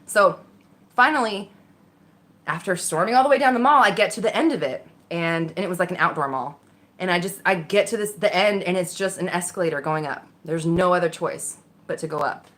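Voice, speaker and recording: Animated bright-voiced woman telling a story. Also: on the low side, a little fast. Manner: candid, animated, swears freely, acts out voices. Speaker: vlogger. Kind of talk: casual storytelling.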